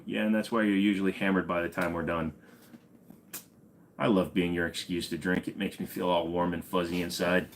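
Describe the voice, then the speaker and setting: A man's voice: deep voice, level tone, fairly quick. A man hosting an unscripted live stream, chatting and joking casually, greeting viewers by name and rambling on. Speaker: livestream host of a gun channel.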